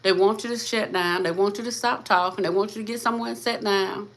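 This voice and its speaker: A woman's voice: medium pitch, steady tone, fast talker, a bit bright. A woman hosting a faith-based motivational talk, speaking fervently, repeating her lines and calling listeners "sis" and "baby". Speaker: host of a motivational channel.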